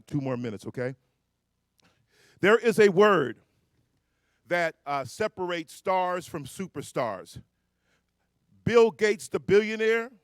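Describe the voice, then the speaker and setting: A man giving a motivational speech to a crowd at a live event, playful and slangy, shouting and counting off the audience. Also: sits high, dry recording, studio quality. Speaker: motivational speaker at a youth conference. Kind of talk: motivational speech with call-and-response. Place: hotel ballroom at a live event.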